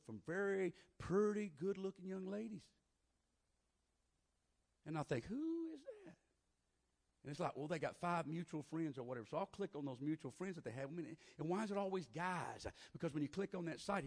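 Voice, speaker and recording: A man preaching a sermon, moving from quiet conversational talk to loud, shouted preaching with lots of "uh" fillers. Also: on the high side.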